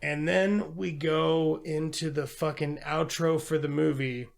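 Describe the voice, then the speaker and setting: Gravelly man recapping a movie. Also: a little high, unhurried. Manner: profane, animated retelling of plot with quoted voices. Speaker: podcast co-host. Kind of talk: casual movie review chat.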